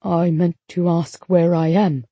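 A woman voicing a young British airman, feverish and weak, who speaks low and haltingly. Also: flat delivery, dark tone, husky, no echo, dull audio. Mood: weak, dazed.

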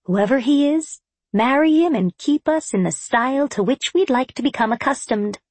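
A cheeky young roommate, played by a woman teases in a playful, mock-grand way. Her voice sits a little higher than usual and sounds faintly husky. The recording is dry. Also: expressive, normal speed, a little mellow, no echo. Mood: teasing. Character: cheeky, teasing young adult female roommate.

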